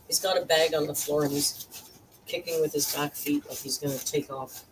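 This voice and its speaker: A woman's voice: low voice, steady tone, normal speed. A woman hosting a casual cooking vlog, chatting with wry asides to her viewers as she cooks in her home kitchen. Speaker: cooking channel host. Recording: distant mic, noisy kitchen.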